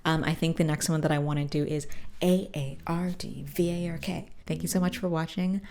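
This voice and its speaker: A low-pitched woman hosts her own show and chattily retells a cartoon episode. She slips into put-on voices for the characters' lines as she goes. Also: level tone, brisk, darkish tone. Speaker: podcast host. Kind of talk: casual episode recap.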